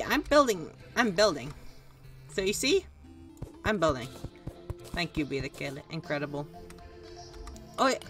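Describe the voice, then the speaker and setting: Playing a game live, this streamer talks in a fairly low but bright and forceful voice. Her commentary stays casual, laced with sarcasm and jokes at her own expense.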